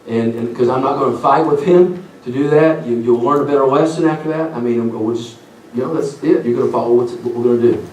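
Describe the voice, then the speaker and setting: A man's voice: mid-range voice, brisk, darkish tone, a little hiss or hum. A middle-aged man preaching a revival sermon in a folksy storytelling way. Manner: folksy storytelling, acts out voices. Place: church sanctuary. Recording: roomy church hall from a distant mic.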